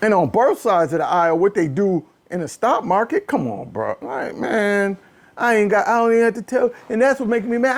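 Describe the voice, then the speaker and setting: A man hosting a casual political talk show, ranting in an animated, exasperated way, often repeating phrases and swinging from low muttering to a raised voice. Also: normal speed. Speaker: podcast host. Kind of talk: casual political commentary rant.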